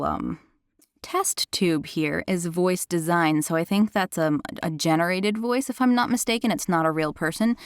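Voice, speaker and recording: Chatty New York woman, lowish voice. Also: no room sound, studio quality. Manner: chatty, self-correcting, enthusiastic. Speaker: tech tutorial host. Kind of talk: casual screen-walkthrough.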